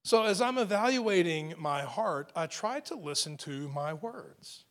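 A man's voice: high-pitched, expressive, a little slow. A man who is a husband and father, preaching a sermon in an earnest, emphatic way, often restarting and repeating words. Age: adult with family. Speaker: pastor.

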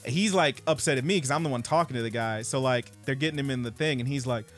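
Casting note: man, podcast co-host, swearing, lively storyteller, mid pitch, faint music underneath. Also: quick pace. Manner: profane, animated storyteller acting out others' lines.

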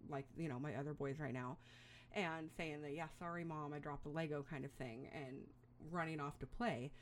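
A woman's voice: sits low, slight background noise. A middle-aged woman giving parenting advice in a casual monologue, rambling and chatty, with frequent fillers and small laughs.

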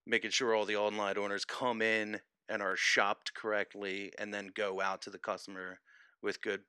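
An easygoing young man chats as a guest over a video call, laughing often. His voice is bright and crisp. The sound is dry and close. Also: fairly low pitch, level tone, moderate pace, no room sound. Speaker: podcast guest. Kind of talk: casual video chat.

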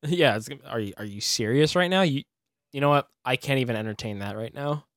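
A man's voice: mid-range voice, fairly quick, no echo, studio quality. A man co-hosting a podcast in casual chat, bantering and laughing often. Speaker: podcast co-host.

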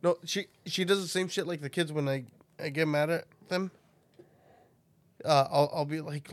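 A man in his thirties who tells animated, laughing stories and swears freely in casual chat. His voice sits a little higher than most men's. The sound is close and dry. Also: moderate pace, pauses often, no echo. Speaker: podcast co-host.

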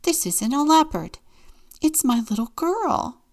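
Brief: woman doing devoted storybook mother, earnest, slow. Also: medium pitch, expressive, vocal fry. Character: worried but fiercely loving mother.

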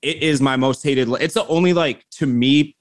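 A man's voice: medium pitch, moderate pace. Blunt, opinionated man on a podcast. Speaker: podcast co-host. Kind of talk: casual podcast banter.

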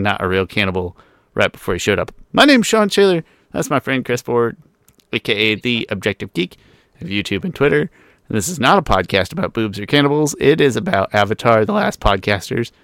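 A man hosting a casual podcast chat, chatty and quick with asides as he introduces the show. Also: lowish voice, fairly bright tone, clean tone, dry recording, clean studio sound. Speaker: podcast host.

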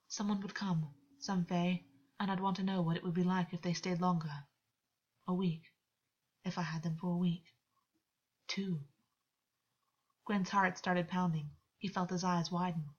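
A woman reading fiction aloud for an audiobook, in a steady, measured way. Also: on the low side. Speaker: audiobook reader. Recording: dull lo-fi recording.

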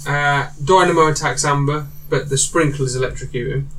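A man's voice: a little high, steady tone, moderate pace. A man casually recapping a film plot in a rambling way, with many ums and likes. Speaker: podcast co-host recapping a film. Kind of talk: casual chat. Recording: distant mic with faint noise.

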